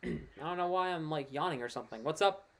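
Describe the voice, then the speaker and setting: With a fairly high-pitched voice and a fast way of talking, a man streams relaxed live commentary on a baseball game. He's chatty, gets worked up when big plays happen, and drops offhand remarks.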